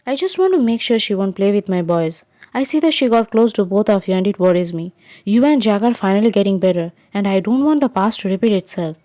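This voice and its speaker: A woman's voice: mid-range voice, lively intonation, a little fast, dark tone, dry recording, natural voice. A woman voicing a protective mother who worries about her grown sons, earnest and insistent.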